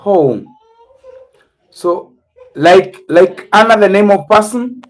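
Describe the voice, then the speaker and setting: A man with an East African accent hosting a casual livestream, teaching words slowly and spelling them out letter by letter. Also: high-pitched, lively intonation, rough recording. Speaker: livestream host.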